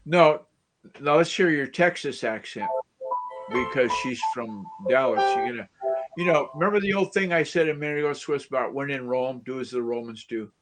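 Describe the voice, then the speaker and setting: An American man chatting on a livestream, telling stories at a relaxed pace. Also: mid-range voice, normal speed, soft background music. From United States. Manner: storytelling, chatty. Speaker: guest on a livestream. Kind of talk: casual live chat.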